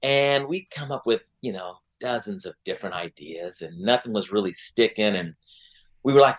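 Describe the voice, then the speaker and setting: A guest singer with an Oklahoma accent rambles through stories in a casual interview, packing in fillers and acting out what people said. His voice is on the low side, animated, at normal speed.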